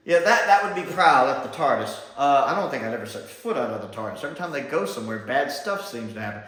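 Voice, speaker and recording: A man giving a casual spoken review of a TV episode, rambling and animated, with exasperated asides. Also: mid-range voice, fast talker, hardly any pauses. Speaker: TV show reviewer. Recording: very echoey room.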